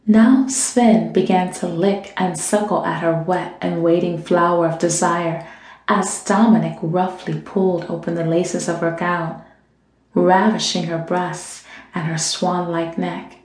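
A woman narrating an audiobook in a smooth, measured storytelling manner. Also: lowish voice, steady tone, darkish tone. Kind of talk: scripted narration. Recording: roomy echo.

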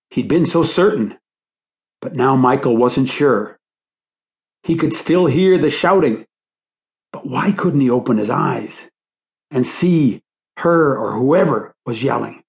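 Man reading an audiobook slowly. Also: medium pitch, expressive, gravelly. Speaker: author and audiobook narrator. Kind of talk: scripted audiobook narration.

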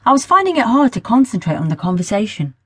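A woman narrating a first-person story as an audiobook, at a measured pace, now and then rereading a line. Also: a little high, big pitch swings, husky, no room sound.

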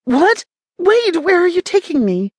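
A woman's voice: high-pitched, big pitch swings, slow, no echo, pitched above the performer's own voice, full character voice. A woman narrator voicing a fiery young woman journalist who is furious and swears at her captors. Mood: alarmed. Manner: yelling, defiant, swearing. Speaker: heroine of an audiobook.

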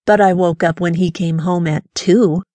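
A woman's voice: fairly low pitch, steady tone, moderate pace, warm tone, dry recording, lightly acted. A woman voicing a sly, defiant wife of a suspect who talks in a mocking, teasing way.

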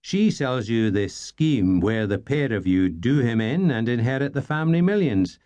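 A man's voice: medium pitch, expressive, moderate pace, mellow, lo-fi sound. A man narrating a first-person novel in a dry, wry storytelling manner. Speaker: audiobook narrator.

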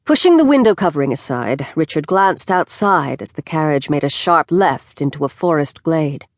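Lowish, dry-voiced woman narrating a novel. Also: no echo. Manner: measured, expressive storytelling. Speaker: audiobook narrator. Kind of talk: scripted narration. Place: recording studio. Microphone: close studio mic.

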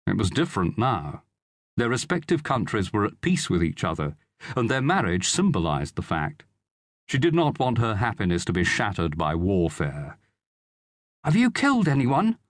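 A man narrating a historical novel as an audiobook reader, in a measured, expressive storytelling manner. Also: sits low, no room sound. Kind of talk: scripted narration.

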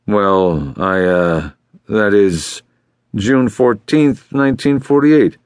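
A man voicing a gruff, nervous middle-aged male client who talks in a brusque, impatient way, in an audiobook. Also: on the low side, slow pace, no echo. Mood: irritated. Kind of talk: audiobook character voice.

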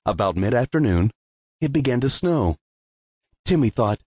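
Male storybook narrator, very animated pitch, gentle and expressive. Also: moderate pace, husky, no room sound. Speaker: audiobook narrator.

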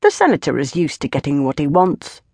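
A dapper, shrewd old male valet who talks in a quiet, knowing tone, as a woman reading an audiobook puts him on. Dry, close sound. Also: low-pitched, wildly swooping pitch, fairly quick, husky, dry recording, exaggerated voice.

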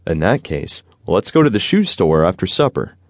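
A man voicing a calm, kind father in a children's storybook. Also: sits low, normal speed, dry recording, studio quality.

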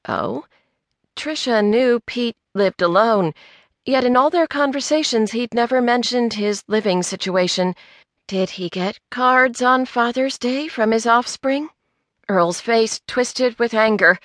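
A woman narrating a mystery novel in a clear, measured way. Her voice is bright and forward, with a dry, close studio sound and no room around it. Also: on the high side, dry recording. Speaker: audiobook narrator. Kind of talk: scripted narration. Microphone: close studio mic.

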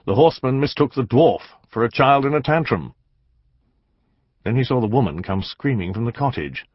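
A man reading a historical novel aloud as an audiobook narrator, measured and dramatic. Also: medium pitch, no room sound, highs cut off. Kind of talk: scripted narration.

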